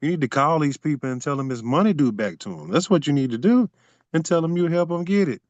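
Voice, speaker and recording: A man's voice: fairly high pitch, animated, fast, a little mellow, no room sound. A man teaching a group on a video call, emphatic and repetitive, talking straight to his listeners. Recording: dull lo-fi video call audio.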